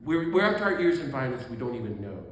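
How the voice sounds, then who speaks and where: Animated older man in an echoey hall. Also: medium pitch, fast talker. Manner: animated, acts out the people in his stories, laughs often. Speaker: Catholic priest and author speaking. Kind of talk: storytelling talk to an audience. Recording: very echoey hall, faint room noise.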